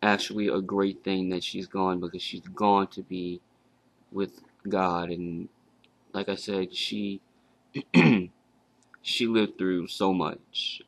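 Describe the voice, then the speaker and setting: A young man giving a halting, casual tribute to his late grandmother, with fillers and restarts. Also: sits low, gravelly, a bit bright, no echo. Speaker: grieving grandson.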